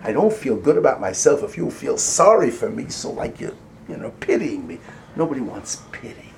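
A middle-aged man giving a sermon-style lecture, moving between hushed whispers and loud, emphatic lines. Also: mid-range voice, very animated, normal speed, creaky, slight background noise. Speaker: rabbi.

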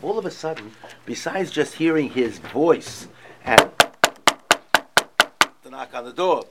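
Animated gravelly man teaching a text. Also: medium pitch, measured pace, long pauses, heavy background noise. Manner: animated, emphatic, reads text aloud with feeling. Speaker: Torah study teacher. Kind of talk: text study class.

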